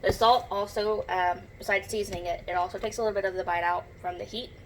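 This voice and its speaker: A fast-talking home cook with a Southern accent chats through a homey demo in her kitchen, filmed on a propped-up phone. Her mid-range voice keeps a steady tone, with background noise in the recording.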